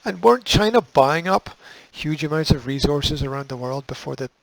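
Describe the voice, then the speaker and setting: Gravelly man with sarcastic news asides. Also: fairly high pitch, expressive, normal speed, dry recording, low-quality recording. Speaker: host. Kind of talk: reading news and commenting.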